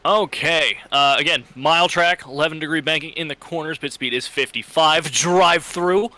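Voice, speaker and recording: A man's voice: on the high side, normal speed, pushed and bright, no echo. A man co-hosting a sim racing broadcast with dry, joking asides. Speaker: co-host and race commentator. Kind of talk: live stream race commentary.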